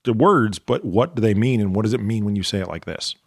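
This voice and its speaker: A man's voice: lowish voice, fast, no echo. Thoughtful male podcast host, dry sound. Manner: thoughtful, builds ideas, then checks them with questions. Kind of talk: casual interview chat.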